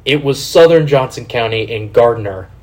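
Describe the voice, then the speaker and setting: A man from Kansas City hosts a casual podcast chat at a medium pitch. He tells his stories with lots of cursing and animated energy. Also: normal speed. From Kansas City, USA. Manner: profane, animated storyteller. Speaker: podcast host.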